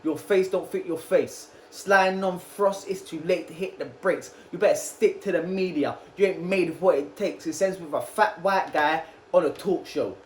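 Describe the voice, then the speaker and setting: A man in his thirties with a Cockney accent, delivering rap battle bars with a high-pitched voice. His trash talk is punchy and mocking. The sound carries a roomy echo. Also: moderate pace, hardly any pauses, slight background noise. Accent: London Cockney. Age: 30s. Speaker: battle rapper. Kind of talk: a cappella rap battle verses.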